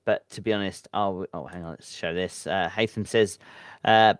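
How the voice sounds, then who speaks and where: Low-voiced man rambling on a livestream. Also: steady tone, moderate pace, smooth, no echo, clean studio sound. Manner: rambling, hesitant, thinking aloud with many ums. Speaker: livestream host reading viewer chat. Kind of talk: casual live-stream chat. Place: home at midnight.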